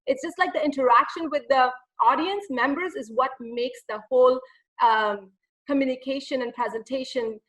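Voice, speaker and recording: A woman public speaking coach giving an energetic, chatty webinar talk, full of fillers and asides to her audience. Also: high voice, normal speed, distant mic, rough recording. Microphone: computer mic in a webinar.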